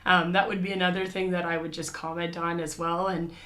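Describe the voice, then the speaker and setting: A woman guesting on a podcast as a researcher, choosing her words in a measured, academic manner. Her voice sits on the low side for a woman. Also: little pitch movement, a bit bright. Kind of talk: casual chat.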